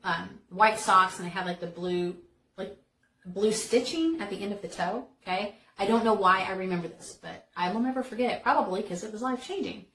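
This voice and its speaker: Animated storytelling woman in an echoey room. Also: mid-range voice, brisk. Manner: animated, dramatic retelling with filler words. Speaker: storytelling vlogger. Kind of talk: casual storytelling. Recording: echoey room with faint noise.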